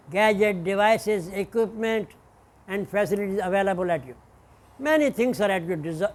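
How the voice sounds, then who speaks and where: A man lecturing as a professor, speaking deliberately and spelling out example words letter by letter. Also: high-pitched. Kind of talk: classroom lecture.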